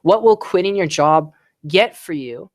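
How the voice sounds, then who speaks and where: A man giving online business tips on a live stream, energetic and often checking in with "right?". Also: on the high side, a little slow, no echo, studio quality. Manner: energetic, repeats "right?" and "all right".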